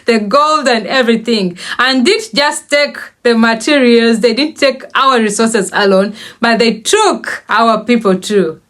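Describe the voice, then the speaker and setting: African woman talking slow on her channel, kinda high voice, laughs a lot between bits. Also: a bit bright. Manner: laughs often between phrases, slows to stress words. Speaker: channel host. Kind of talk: casual spoken monologue.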